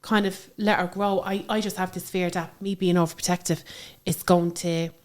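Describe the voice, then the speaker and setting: Chatty Irish mum, low voice. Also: female voice, normal speed. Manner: chatty, animated storytelling with frequent fillers. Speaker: interview guest, mother. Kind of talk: casual conversational interview.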